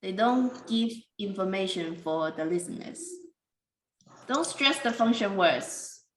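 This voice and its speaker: A woman teaching English pronunciation in a careful, deliberate way, with simple non-native grammar. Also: medium pitch, animated, roomy sound, a little hiss or hum, low-quality recording. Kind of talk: slow classroom explanation.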